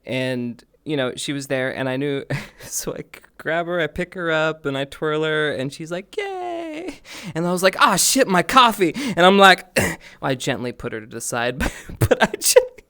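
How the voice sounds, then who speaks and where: A man's voice: a little high, lively intonation, moderate pace, a bit bright, clean tone. A man live streaming, telling stories in casual chat, laughing and swearing often.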